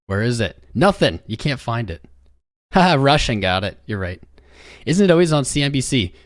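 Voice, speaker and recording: A man's voice: medium pitch, very animated, fairly quick, dry recording, clean studio sound. A young man hosting a crypto livestream, talking restlessly to his chat while he searches for something.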